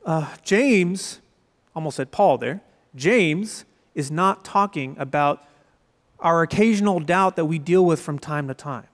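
High-voiced man preaching in a reverberant hall. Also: measured pace. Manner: conversational storytelling with acted-out quotes. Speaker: pastor. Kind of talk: sermon. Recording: long reverb of a large hall.

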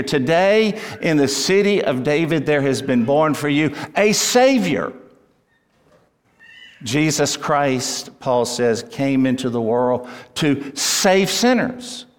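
A male pastor delivers a sermon at an unhurried, measured pace. His middle-range voice climbs sharply when he stresses key words, then settles back down. The sound rings with the long reverb of a large hall. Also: medium pitch. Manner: deliberate, emphatic preaching with rising peaks on key words.

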